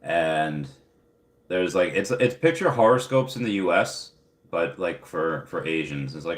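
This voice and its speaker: A young man with a very low voice chats loosely on a livestream, rambling and packing his talk with fillers as he answers viewers. His voice carries a roomy echo off the walls around him. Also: lively intonation, a little slow. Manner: rambling, filler-heavy, upbeat. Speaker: livestream host. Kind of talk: casual live chat reading viewer comments.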